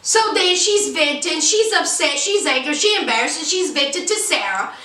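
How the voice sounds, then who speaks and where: A woman's voice: high voice, animated, normal speed, pushed and bright, roomy sound, recorded from a distance. A woman retelling a movie plot in a casual, sassy way, full of chatty asides. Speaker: movie reviewer.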